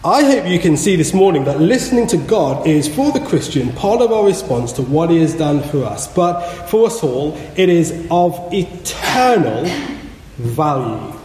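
A man preaching a sermon in a church, earnest and measured, leaning hard on key words. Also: on the high side, very animated, a little mellow, slight background noise. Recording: echoey hall with long reverb.

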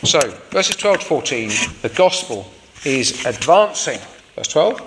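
Man, preacher, informal explanatory sermon, slightly high voice, animated delivery. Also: measured pace, big-room sound, a little hiss or hum. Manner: informal, explanatory, many fillers.

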